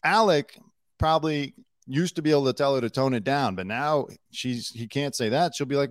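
A man talks loosely through the day's gossip, teasing and joking with lots of likes and uhs. His voice sits at an ordinary middle pitch. The sound is close and dry, with no room around it. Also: fairly quick, no room sound. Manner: chatty, mocking, loose with fillers. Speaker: news commentary host. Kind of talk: casual commentary over video clips.

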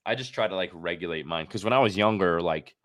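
A man's voice: sits low, fast talker, a bit bright, no room sound, studio quality. A young man hosting a podcast interview, chatty and loose, laughing often and full of fillers. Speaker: podcast host. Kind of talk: casual interview chat.

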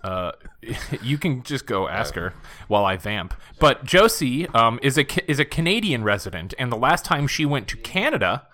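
Brief: male podcast co-host, lively pitch, bright tone, rambling casual chat. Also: moderate pace. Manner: rambling, lots of fillers and laughs.

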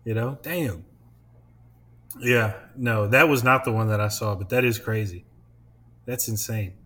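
A man's voice: on the low side, unhurried, sharp tone. A young man hosting a podcast, chatting casually, rambling and laughing often, with lots of swearing. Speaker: podcast host. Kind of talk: casual chat.

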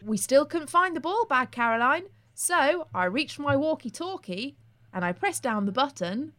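High, playful woman podcast host. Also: lively intonation, moderate pace, fairly bright tone. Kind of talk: casual podcast chat.

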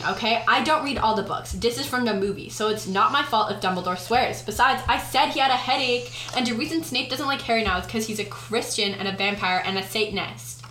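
A woman's voice: mid-range voice, bright, forceful tone, a little hiss or hum. A young woman co-hosting a casual podcast, reading a fanfic aloud in a giggly, mock-dramatic way with frequent laughs. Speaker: podcast co-host. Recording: echoey room on a home mic.

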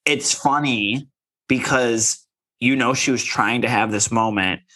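Bright-voiced chatty man. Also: medium pitch, a little slow. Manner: chatty, laughs often, quotes people. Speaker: podcast co-host. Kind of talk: casual chat, reality TV recap.

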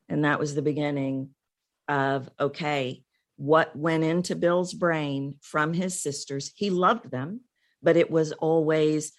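A woman's voice: deep voice, steady tone, takes it slowly. A woman guest in an interview, an expert on the voice, earnestly explaining her ideas through vivid anecdotes. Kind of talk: casual interview storytelling.

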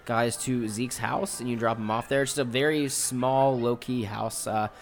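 A man's voice: medium pitch, fairly even intonation, normal speed, soft background music. A man narrating as game master, rambling with many fillers and the odd swear word.

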